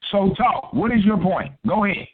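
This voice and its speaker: A man's voice: high voice, moderate pace, slight background noise. A man hosting a call-in show, confrontational and profane, grilling a caller. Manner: profane, combative, interrogating. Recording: tinny phone-line audio.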